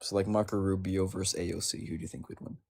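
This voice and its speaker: Deep gravelly young man calling in. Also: level tone, fast talker, darkish tone, dry recording. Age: 20s. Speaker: caller. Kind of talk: casual debate call.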